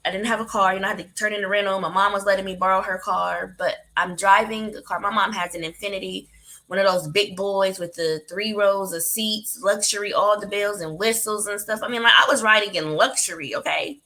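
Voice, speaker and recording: A woman hosting a talk show for women, telling a personal story in an animated, heartfelt way and speaking to her listeners directly. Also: medium pitch, fairly quick. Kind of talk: candid motivational storytelling.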